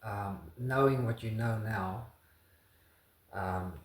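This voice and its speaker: A man from South Africa hosting a casual interview, asking halting, hesitant questions. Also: lowish voice, echoey room. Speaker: host.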